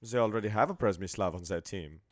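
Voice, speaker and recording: A man's voice: fairly low pitch, quick pace, no echo, studio quality, lightly acted. A male podcast co-host voicing a dim, earnest male soccer goalkeeper with a German accent in a comedy sketch. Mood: deflated.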